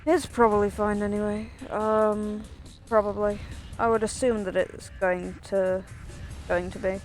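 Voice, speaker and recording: A woman's voice: mid-range voice, little pitch movement, unhurried, darkish tone, soft background music. A woman chatting casually while streaming a game, rambling and swearing in self-mocking asides. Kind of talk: casual gameplay stream chat.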